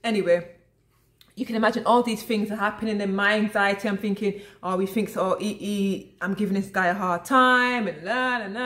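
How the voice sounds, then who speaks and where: A woman vlogger chatting casually to camera, calling her viewers "guys" and often restarting her sentences. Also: mid-range voice. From lives abroad in Italy. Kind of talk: casual vlog chat to camera.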